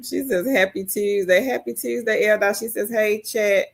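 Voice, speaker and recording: Reading viewer comments aloud on a casual live stream, a woman responds chattily, her pitch leaping up when excitement hits. She talks a little slowly in a creaky voice, with hardly any pauses.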